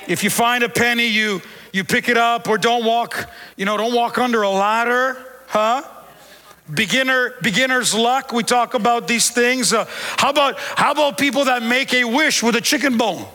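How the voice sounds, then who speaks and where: A middle-aged man preaching a sermon in church as pastor, joking and animated, with bits of street slang. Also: extremely high pitch, normal speed, long reverb tail.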